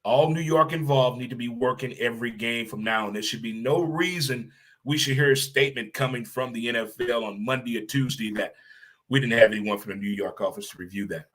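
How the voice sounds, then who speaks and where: A man delivers a solo podcast rant with blunt, emphatic energy. His voice sits at an ordinary middle pitch. He often repeats a phrase to hammer a point home, and he swears now and then. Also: fairly quick, fairly bright tone. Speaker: podcast host.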